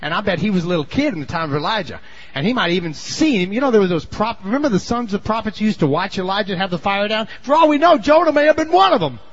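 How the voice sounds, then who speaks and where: A fairly high-voiced man preaches a sermon, telling the story in a folksy way. He dips into quiet asides and then climbs to shouted emphasis. The recording sounds dull and lo-fi. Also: animated, fast.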